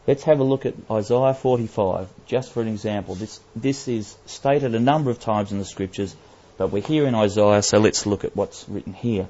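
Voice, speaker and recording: Emphatic low-voiced man teaching scripture. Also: dark tone, highs cut off. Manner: emphatic, slows down and repeats key phrases. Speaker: Bible teacher. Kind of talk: Bible study sermon.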